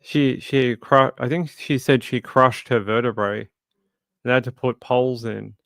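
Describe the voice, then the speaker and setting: A man's voice: mid-range voice, fairly even intonation, measured pace, creaky, fairly bright tone, no room sound, studio quality. A man hosting a true crime livestream, chatting casually and reading viewer comments aloud with sympathy. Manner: conversational, sympathetic, reads chat aloud.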